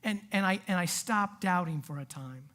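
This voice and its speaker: A woman preaching a sermon in a casual, animated way, full of asides and acted-out quotes. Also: lowish voice, moderate pace. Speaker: youth pastor.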